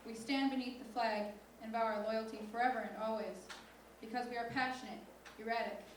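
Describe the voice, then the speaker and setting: A woman's voice: fairly high pitch, fairly even intonation, slight background noise. Teen girl reciting poetry in a hall. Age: teens. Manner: slow, deliberate, intense recitation. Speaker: student poet. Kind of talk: spoken word poetry reading. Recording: echoey hall from far off.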